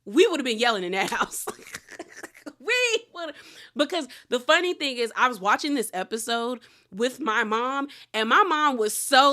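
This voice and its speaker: A woman recapping a reality show in casual, animated commentary, acting out the quotes. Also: on the high side, a little slow.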